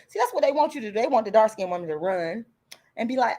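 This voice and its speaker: Fiery, profane woman ranting, fairly high voice. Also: lively intonation, quick pace. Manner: angry, profane and emphatic; blunt and defiant, with repeated insults. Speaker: channel host. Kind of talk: heated livestream rant to viewers.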